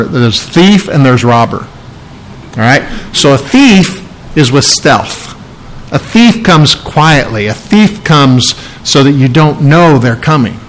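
A man's voice: mid-range voice, a bit bright, poor audio. A man preaching an expository sermon, explaining scripture verse by verse in an emphatic way. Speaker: pastor.

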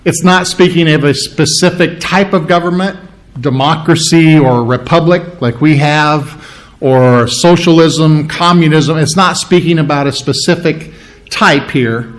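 A male pastor with a slightly high voice teaches an expository sermon at a measured pace. He explains the meaning of each word and poses rhetorical questions, with fillers and throat clearing along the way.

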